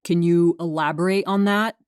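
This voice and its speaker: A calm male therapist asks measured, probing questions, as a woman narrator reads his lines. The voice stays low and the recording is close and dry, with no room sound. It comes from a spoken memoir. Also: clean tone, dry recording, lightly acted.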